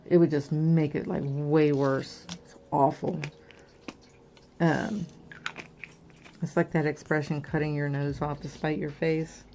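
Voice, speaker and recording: Middle-aged female vlog host, low gravelly voice, rambling candid chat, faint background noise. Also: little pitch movement, takes it slowly, pauses often, warm tone. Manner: candid, rambling, many fillers. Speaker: crafting channel host. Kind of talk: casual personal chat.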